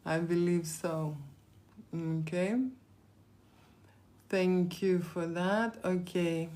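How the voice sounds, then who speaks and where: A woman's voice: fairly low pitch, flat delivery, drawn-out words, dark tone. A woman from Lithuania with a Lithuanian accent, chatting on a live stream, rambling and repeating herself as she answers viewer questions. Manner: rambling, repeats words, frequent fillers.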